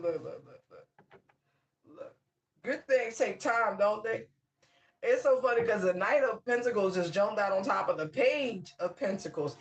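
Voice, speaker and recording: A tarot reader talking casually to viewers, excitable and laughing often, stretching out exclamations. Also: medium pitch, dull audio, slight background noise.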